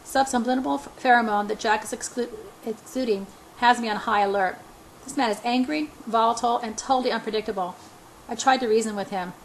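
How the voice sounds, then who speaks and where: A woman reads a novel aloud in a somewhat high voice, halting now and then to fix stumbled words. Faint noise sits under her reading. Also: poor audio. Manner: halting, with slips and restarts. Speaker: audiobook reader.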